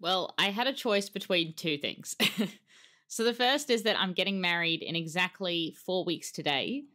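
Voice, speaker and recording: A woman's voice: on the low side, normal speed, pushed and bright. A woman co-hosting a board game podcast, chatting casually and laughing between sentences. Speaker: podcast co-host. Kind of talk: casual chat.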